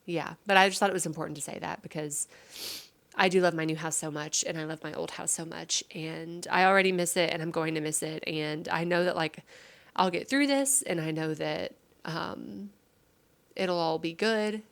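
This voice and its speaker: A woman's voice: low-pitched, moderate pace, creaky. A woman vlogging from home, tearful and talking in a rambling, heartfelt way. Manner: rambling and heartfelt, many fillers. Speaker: vlogger and streamer. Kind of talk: casual confessional vlog.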